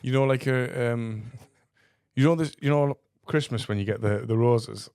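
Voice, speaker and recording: Rambling comedian, dry mic. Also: male voice, mid-range voice, moderate pace, a little mellow, clean tone, no echo. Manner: rambling, self-mocking, full of "like" and restarts. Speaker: comedian and podcast co-host. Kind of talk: casual storytelling chat.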